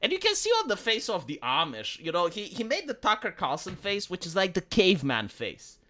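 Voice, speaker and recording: Animated, bright-voiced man ranting on stream. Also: high-pitched, fairly quick. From Romania. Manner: profane, animated, full of restarts and "like". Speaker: livestreamer. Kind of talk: casual opinionated livestream rant.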